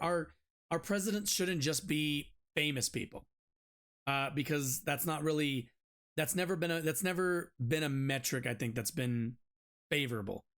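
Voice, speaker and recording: A man's voice: on the high side, a bit bright. Rambling man hosting a live stream. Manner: rambling, with many restarts and fillers. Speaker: streamer hosting a political debate. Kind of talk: casual live-stream commentary.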